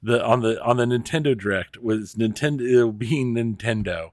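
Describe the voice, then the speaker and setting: A man's voice: mid-range voice, normal speed, no echo. A man co-hosting a casual gaming podcast, giving news with wry, dry asides. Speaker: podcast co-host.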